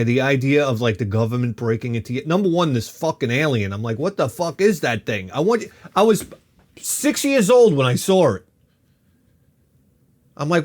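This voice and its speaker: A man in his fifties telling a rambling comic story as a vlogger, animated and quick to swear, jumping from one tangent to the next. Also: mid-range voice. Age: 50s. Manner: animated, swears freely, jumps between tangents.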